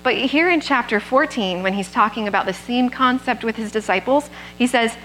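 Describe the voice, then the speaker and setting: A woman's voice: a little high, moderate pace, few pauses, fairly bright tone, slight background noise, rough recording. A woman preaching a sermon at a church service, speaking into a microphone in a plainspoken, conversational way and often checking in with the congregation.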